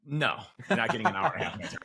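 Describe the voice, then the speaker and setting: Fast-talking bright-voiced man, rambling. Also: medium pitch, lively intonation, a little hiss or hum. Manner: rambling, many fillers and restarts; acts out quoted dialogue. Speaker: podcast guest. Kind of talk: casual conversation.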